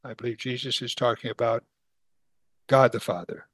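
A man's voice: mid-range voice, level tone, normal speed, a bit bright, no room sound. A middle-aged man teaching a Bible passage in a folksy, conversational way, chuckling and acting out the people in the story. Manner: folksy, chuckles, acts out voices.

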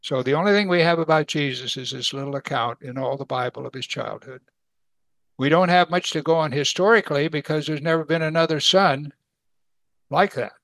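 A man's voice: fairly high pitch, brisk, fairly bright tone, no echo. Folksy man teaching from the Bible. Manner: folksy, chuckles, acts out voices.

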